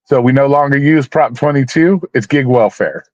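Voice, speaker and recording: Medium in pitch with a darkish tone, this man speaks at normal speed on a dry recording. He's a livestream host who rambles and repeats, talks to viewers by name, and is blunt and mock-preachy with occasional swearing, the audio dull and lo-fi.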